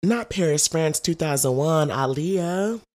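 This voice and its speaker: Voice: medium pitch, animated, a little slow, a little mellow. A young adult podcast co-host in casual chat, playful and slangy, swearing freely.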